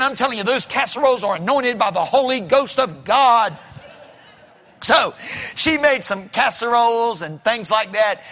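A man's voice: very high voice, bright, forceful tone. A man preaching a sermon as pastor, telling folksy stories and acting out the voices of the people in them. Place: church sanctuary. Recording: long reverb of a large hall.

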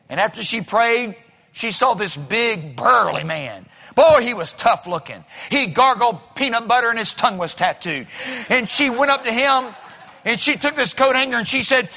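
A man's voice: extremely high pitch, expressive, normal speed, vocal fry, pushed and bright. A man preaching a sermon as pastor, telling folksy stories and acting out the voices of the people in them. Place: church sanctuary. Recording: long reverb of a large hall.

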